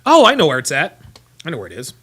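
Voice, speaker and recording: A tired, yawning man hosts a casual livestream and rambles through viewer messages, repeating his phrases as he goes. His voice is fairly high and bright. His pitch swings freely from one phrase to the next. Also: huge pitch swings, fast, breathy edge. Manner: rambling, repeats himself, talks while fumbling for files. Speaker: livestream host reading super chats.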